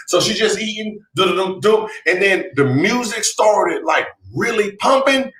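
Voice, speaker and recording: A man hosting a podcast, telling a comic story with bursts of laughter, shouted punchlines and mouthed sound effects. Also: high voice, animated, moderate pace, few pauses, echoey room. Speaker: podcast host. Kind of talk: comedic storytelling.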